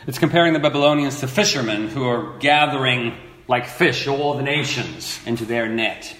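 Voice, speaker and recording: A man preaching a sermon, reading scripture aloud and acting out the people in the story with lively repetition. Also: mid-range voice, a little slow, reverberant. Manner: animated, acts out quoted speakers, repeats words.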